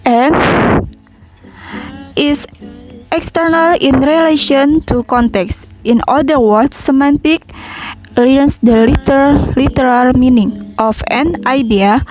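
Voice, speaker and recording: A young Indonesian woman, a student, reading a class presentation in English with an Indonesian accent, halting and restarting words. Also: high voice, darkish tone, rough recording. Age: young adult.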